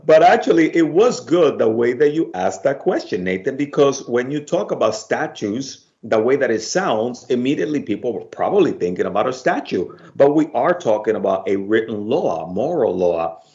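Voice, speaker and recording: A man's voice: medium pitch, big pitch swings, moderate pace, hardly any pauses, highs cut off. A man with a Bronx Spanish accent hosting a Bible study program, chatting casually with many fillers. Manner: warm, laughs easily, many "uh" fillers.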